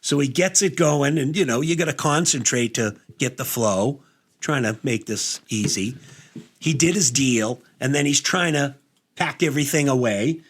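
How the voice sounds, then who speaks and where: A man's voice: medium pitch, moderate pace, husky. Profane rambling male storyteller. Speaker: guest host. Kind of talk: casual podcast chat.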